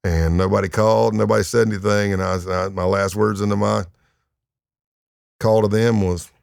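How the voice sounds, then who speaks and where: A man's voice: on the low side, normal speed, gravelly, clear, resonant tone, no echo, clean studio sound. A man in his fifties, a retired undercover agent, telling his story casually as a podcast guest, with lots of fillers. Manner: animated, acts out quoted voices, many fillers.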